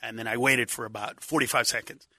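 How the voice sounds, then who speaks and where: A man, a comedian, telling a story in casual chat, animated and laughing often, acting out voices. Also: medium pitch, fast talker, dry recording, clean studio sound. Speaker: stand-up comedian guest.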